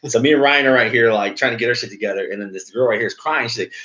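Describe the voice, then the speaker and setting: A man's voice: medium pitch, racing, pushed and bright. A man co-hosting a podcast, telling travel stories in loose, slang-filled casual chat with lots of fillers. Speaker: podcast co-host. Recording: dull lo-fi sound.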